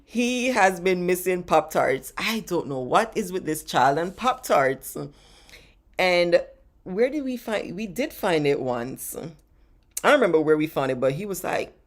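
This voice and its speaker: A woman's voice: deep voice, unhurried. A woman from the United States, a family travel vlogger, chatting casually and rambling through a live-stream Q&A, often laughing, on a webcam or phone mic.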